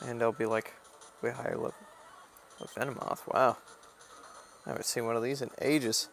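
A man's voice: medium pitch, fairly even intonation, normal speed, creaky, a bit bright, slight background noise. A man casually commenting on his own gameplay as a Let's Play host, offhand and mildly grumbling.

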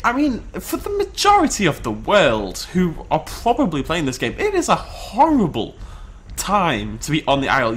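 A British man giving excited, chatty commentary on a dinosaur survival game, breaking into laughs and shouts. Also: on the high side, slight background noise. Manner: animated, shouts and laughs in bursts. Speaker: gameplay commentator. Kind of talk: excited let's-play commentary.

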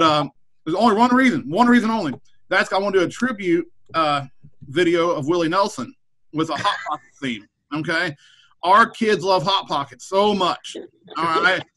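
A man's voice: a little high, normal speed, pushed and bright, poor audio. A man, a middle school principal, chatting casually on a podcast, rambling with frequent repeated words and restarts. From Kansas.

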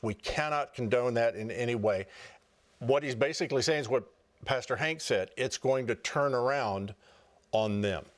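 A man on a Christian talk program, relaying a phone message and reading a psalm aloud in an earnest, measured way with quick asides. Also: mid-range voice. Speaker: program guest.

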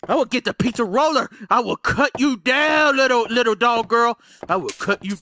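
A man's voice: very high voice, a little fast, sharp tone, slight background noise. A man commentating a horror game, panicky and joking, yelping and screaming when scared. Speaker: let's play gamer.

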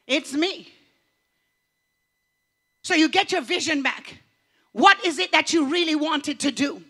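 High, bright-voiced fervent woman preacher. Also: a little slow. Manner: fervent, preacherly, swings from loud to hushed. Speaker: pastor. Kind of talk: motivational sermon.

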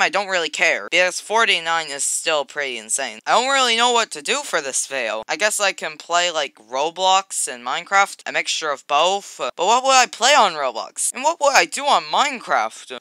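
A young adult YouTuber chatting casually while playing a game, excitable and quick to burst into loud, high exclamations. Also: smooth, no echo. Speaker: gaming YouTuber. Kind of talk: casual gaming commentary.

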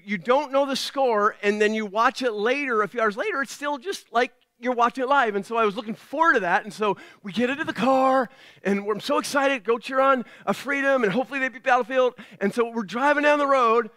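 Bright, high-voiced man preaching a sermon. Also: no echo, clean studio sound. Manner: humorous, self-deprecating storytelling; conversational, with frequent asides to the congregation. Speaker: pastor.

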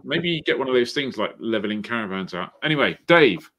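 An exasperated man on a video call, poking fun with mild swearing. His pitch swings widely up and down around a middle level. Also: big pitch swings, fairly quick, a bit bright. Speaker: panel member. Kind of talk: casual chat.

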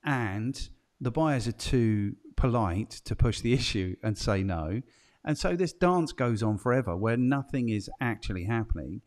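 A male podcast host with a mid-range voice who talks in a chatty, musing way. He thinks aloud and asks his guest questions in a relaxed conversation. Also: medium pitch, unhurried. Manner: chatty, musing, asks guests questions, frequent "do you know what I mean".

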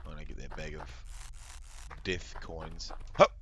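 A man's voice: extremely low pitch, level tone, unhurried, a bit bright, a little hiss or hum. A man giving casual let's-play commentary, reading game text aloud and exclaiming as he plays. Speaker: gameplay video host. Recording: game music playing behind the voice.

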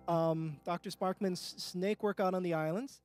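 A man's voice: high voice, steady tone, normal speed, a little mellow, soft background music. A man hosting a live improv comedy show, upbeat and directing the performers and guests.

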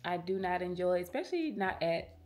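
A vlogger in her thirties chats candidly to the camera while out on a morning walk, talking casually to her viewers and sounding slightly out of breath. Her voice sits on the low side, sing-song and brisk, with a slightly mellow quality.

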